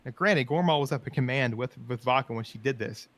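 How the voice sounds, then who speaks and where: A man's voice: medium pitch, fairly quick, dry recording. Man telling game stories, dry mic. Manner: animated, laughing, acts out quotes. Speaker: podcast host. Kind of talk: casual storytelling chat.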